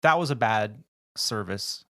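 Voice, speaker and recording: A man, a podcast host, telling animated work stories in casual chat and acting out the people in them. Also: lowish voice, measured pace, dry recording, studio quality. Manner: animated, acts out quoted people in his stories. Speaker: podcast host and flight attendant.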